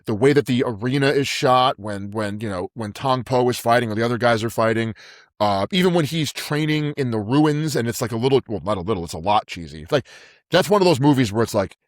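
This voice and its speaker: A man's voice: medium pitch, animated, a little fast, no echo, studio quality. A man co-hosting a podcast, talking in an emphatic way, repeating words and calling his co-host "dude". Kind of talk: casual chat.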